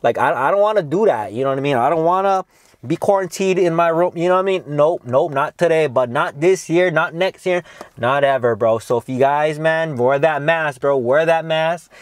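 A young man with a somewhat high-pitched voice talks casually to his viewers at home. He rambles in slang, curses freely and keeps calling them bro and dog. The sound is dry and close, with no room echo. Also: moderate pace. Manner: laid-back slangy, swears a lot, calls viewers dog and bro. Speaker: cannabis reviewer. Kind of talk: casual vlog review.

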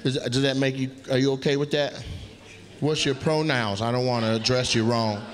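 A man's voice: mid-range voice, little pitch movement, normal speed. A male stand-up comedian doing crowd work, teasing audience members in a brash, profane way. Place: comedy club stage before a laughing audience. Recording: live club audio with loud crowd laughter.

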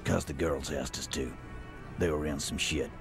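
An actor playing a gruff, commanding male union boss in a game, blunt and world-weary, with a deep gravelly voice. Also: fairly even intonation, moderate pace. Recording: game audio with music behind. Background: music.

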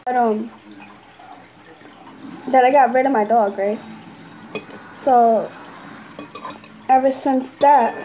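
Young woman, casual vlog chat, rambling and filler-heavy, slightly high voice. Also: steady tone, takes it slowly, long pauses, mellow, a little hiss or hum, poor audio. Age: young adult. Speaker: vlogger.

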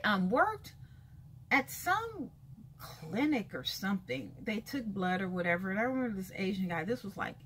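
A woman talks straight to camera in a casual vlog, frank and emphatic, hammering points home by repeating them. Her voice sits high and swoops widely, with a bright edge and a husky grain underneath. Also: a little hiss or hum. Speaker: vlogger.

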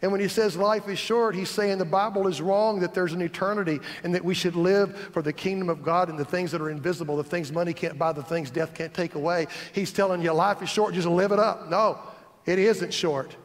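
Male pastor, high-pitched, emphatic sermon delivery in an echoey sanctuary. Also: steady tone, fairly quick, few pauses. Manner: emphatic, builds repeated lists. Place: church sanctuary. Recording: echoey church hall.

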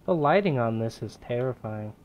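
A young man giving casual, rambling gameplay commentary, excitable and swearing now and then. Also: medium pitch, normal speed. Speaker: gaming YouTuber.

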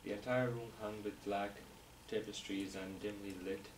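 A man in a reading group, reading a story aloud in a steady, careful way. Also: fairly low pitch, normal speed. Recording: roomy, distant mic with clear noise.

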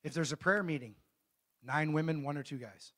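A middle-aged male pastor delivering a sermon, his voice pitched a touch high for a man. He throws questions out to the congregation and waits for replies. When he reads scripture, he slows down and leans hard on each phrase. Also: fairly bright tone. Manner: call-and-response preaching, asks the congregation questions; reads scripture slowly and emphatically.

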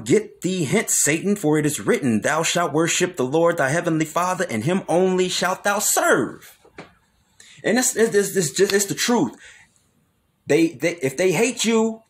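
A young man telling a personal story to his channel in a casual, animated way, often repeating words and dropping slangy asides. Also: sits high.

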